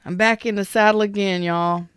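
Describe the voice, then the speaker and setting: A woman giving a casual live tarot reading, keeping her voice low and soft while she recovers. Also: steady tone, normal speed, smooth, no echo, clean studio sound. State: recovering from an illness. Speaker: tarot reader.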